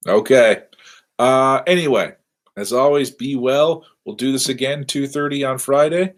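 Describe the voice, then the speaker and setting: A man's voice: mid-range voice, unhurried. A man lecturing from his office over a webcam, rambling and self-deprecating with wry asides. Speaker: university lecturer. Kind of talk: casual livestreamed lecture wrap-up.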